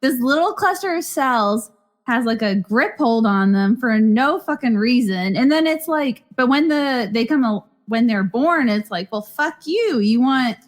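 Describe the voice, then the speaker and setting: A woman's voice: a little high, lively intonation, a little slow. Rambling woman in podcast chat. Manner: rambling, full of "like", swears. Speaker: podcast co-host.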